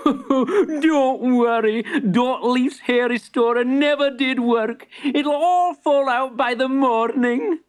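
A woman's voice: fairly low pitch, animated, takes it slowly, hardly any pauses, a little mellow, voice pushed up. A woman voicing a playful male shopkeeper who chuckles and teases in a storybook. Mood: teasing. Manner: chuckling and teasing. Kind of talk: storybook character voice.

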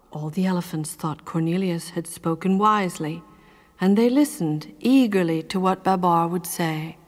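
A woman narrating a children's storybook in a slow, expressive way. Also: on the low side, in a large hall. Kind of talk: storybook reading.

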